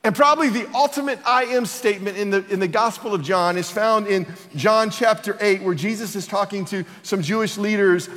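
A man's voice: high voice, a little fast, few pauses, a bit bright. A man preaching a sermon as pastor, emphatic and building to passionate declarations. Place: church auditorium. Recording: long reverb of a large hall.

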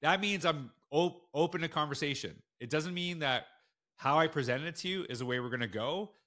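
A man speaking as a podcast guest, recounting his own stories in a casual, animated way. His voice is bright and forceful. He leaps up in pitch when he acts out the people he is quoting. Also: fairly quick. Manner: animated, acts out quotes with big jumps in pitch. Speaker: school principal and guest. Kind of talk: casual storytelling in a podcast interview.

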